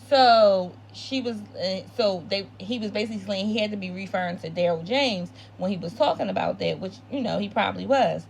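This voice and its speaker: A woman hosting a relaxed recap of a TV episode, speaking at a middle pitch. She is outspoken and often repeats her point for emphasis. Faint background noise sits behind her voice. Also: normal speed, vocal fry. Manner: opinionated, repeats phrases for emphasis. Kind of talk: casual recap chat.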